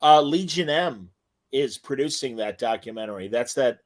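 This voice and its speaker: A man co-hosting a casual fan chat, enthusiastic and animated. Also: medium pitch, normal speed. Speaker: podcast co-host.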